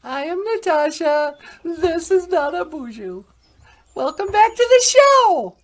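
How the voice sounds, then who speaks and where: High, lively woman telling a story. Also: slow. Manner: chatty, laughs often, many fillers. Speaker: podcast host and storyteller. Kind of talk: casual storytelling.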